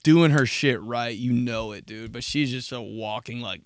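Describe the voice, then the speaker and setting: A young man with a gravelly, creaky voice talks loosely through his own podcast. He rambles, swears and cracks himself up along the way. The sound is close and dry. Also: medium pitch, no room sound. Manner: rambling, laughing, profane storytelling. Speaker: podcast host. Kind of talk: casual solo podcast monologue.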